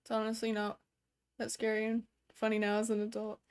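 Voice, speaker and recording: A young adult woman streamer chats from her bedroom in a slightly high voice. Her talk is loose, meandering and casual, full of "like" fillers and easy swearing. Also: monotone, fairly quick, darkish tone, smooth. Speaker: gaming streamer. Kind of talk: casual chat while streaming a game.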